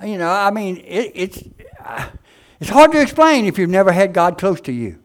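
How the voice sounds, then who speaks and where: Fervent preacher, folksy and loud. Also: male voice, high-pitched, very animated, moderate pace. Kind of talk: sermon.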